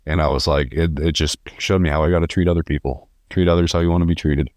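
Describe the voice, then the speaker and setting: A man's voice: a bass voice, steady tone, quick pace, a little mellow, dry recording. A young man from California, a podcast guest telling stories in an earnest, rambling way with many restarts. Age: young adult. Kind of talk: casual interview.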